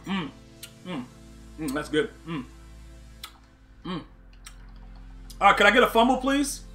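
A young man with a high, sharp, bright voice calls his own football game live for his chat. His delivery is loose, slangy and excitable, and he often bursts into yelling at his opponent. Faint music runs underneath. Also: measured pace. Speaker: video game streamer. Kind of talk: live gameplay commentary to chat.

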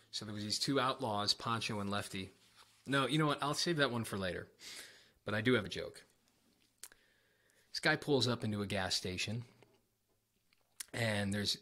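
Male guitar teacher, casual livestream lesson, rambling chat, gravelly low voice. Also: sharp tone. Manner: chatty, rambling, self-deprecating.

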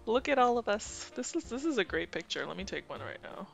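A woman co-hosting a livestream in casual, upbeat chat, quick to laugh. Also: medium pitch, sing-song, vocal fry, soft background music. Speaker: co-host.

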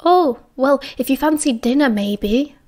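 A woman's voice: sits high, animated, a little slow, a little mellow. Woman voicing a timid teenage boy, glum, hesitant, mumbly.

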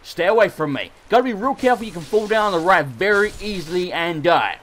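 An English man giving excitable, self-mocking gameplay commentary, swearing and laughing often. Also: high-pitched, a little fast, slight background noise. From England. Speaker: let's play host.

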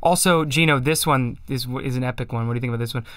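A man's voice: medium pitch, very fast, fairly bright tone. A man hosting a livestream, chatting casually and self-deprecatingly about chant and singing psalm tones to show them. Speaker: livestream host. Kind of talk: casual chat with sung chant demos.

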